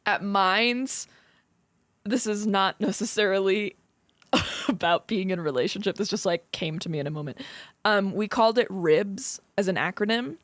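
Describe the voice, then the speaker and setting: A woman's voice: medium pitch, moderate pace, no room sound. A young woman co-hosting a podcast in a casual, chatty way, using lots of fillers. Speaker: podcast co-host. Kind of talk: casual chat.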